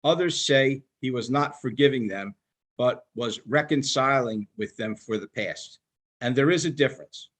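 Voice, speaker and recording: An older man giving a sermon in a measured, emphatic manner, slowing down to stress quoted scripture. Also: medium pitch, fairly bright tone, breathy edge. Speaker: rabbinical student giving a sermon.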